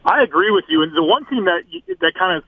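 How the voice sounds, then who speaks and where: A man giving measured football analysis as a guest on a sports radio show, heard over a phone line. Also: high-pitched, animated, no room sound. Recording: tinny phone line, dry.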